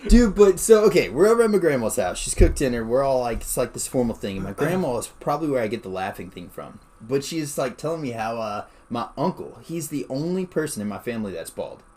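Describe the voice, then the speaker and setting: A young man co-hosting a casual podcast, his voice jumping up and down as he tells stories. He swears freely and breaks into laughter often, and he keeps a middling pitch. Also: fairly quick, hardly any pauses. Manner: swears a lot, laughs often, animated storytelling. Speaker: podcast co-host.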